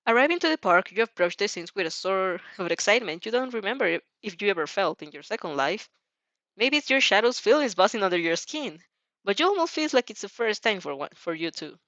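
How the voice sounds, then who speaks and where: A woman's voice: mid-range voice, very animated, brisk, fairly bright tone, dry recording, muffled recording. A woman reading a fanfic aloud as narrator, with small slips and self-corrections.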